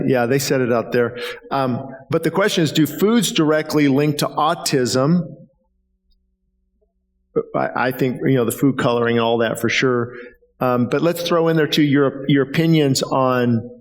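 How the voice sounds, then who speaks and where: A male pastor with a mid-range voice hosts a relaxed question session, talking conversationally with plenty of fillers. The sound carries a long hall reverb. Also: mid-range voice, a little slow. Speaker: pastor hosting. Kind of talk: casual health Q&A.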